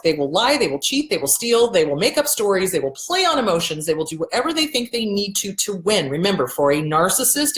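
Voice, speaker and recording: Blunt, emphatic woman in echoey room. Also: lowish voice. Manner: blunt, emphatic, swears freely. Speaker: therapist answering viewer questions. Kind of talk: casual advice talk.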